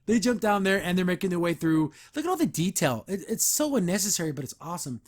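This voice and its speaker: A man's voice: high-pitched, big pitch swings, fast talker. A man hosting a podcast, casually recapping an episode and acting out the characters' lines. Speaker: podcast host.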